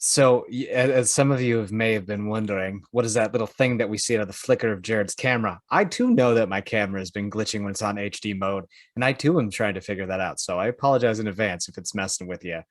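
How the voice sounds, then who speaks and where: A man's voice: lowish voice, fast, few pauses, no room sound. A man co-hosting a podcast, rambling through his points and teasing the others. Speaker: podcast co-host. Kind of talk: casual podcast chat.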